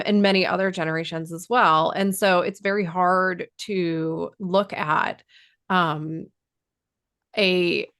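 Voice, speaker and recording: A woman co-hosting a podcast in casual chat, explaining in a measured way with frequent ums. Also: fairly low pitch, a bit bright. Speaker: podcast co-host.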